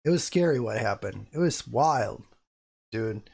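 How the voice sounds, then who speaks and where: Profane, excitable man hosting a livestream. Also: medium pitch, a little slow, creaky, breathy edge. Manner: profane, excitable, talks to chat. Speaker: livestream host. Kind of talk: casual live-stream commentary on crypto charts.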